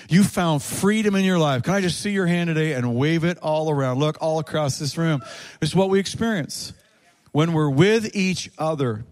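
A man preaching a sermon to his church, leading the congregation in call-and-response and stressing points with repetition. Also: a little high. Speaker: pastor.

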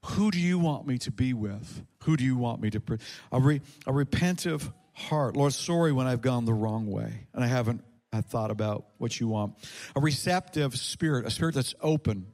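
A man's voice: mid-range voice, normal speed, a little mellow. A man preaching a sermon as a pastor in a church, his volume rising and falling for emphasis. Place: church sanctuary.

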